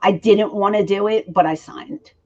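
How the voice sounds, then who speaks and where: A woman's voice: medium pitch, normal speed. A woman in her forties telling stories in an interview, acting out quoted dialogue. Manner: animated storyteller who acts out quoted dialogue. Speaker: interview guest. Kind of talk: storytelling in a shoot interview. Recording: dull lo-fi recording.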